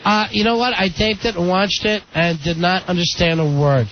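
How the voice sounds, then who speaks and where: A man's voice: sits high, steady tone, moderate pace. A man hosting a radio talk show, chatting casually and telling stories. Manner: chatty, storytelling. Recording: dull lo-fi radio broadcast with faint noise.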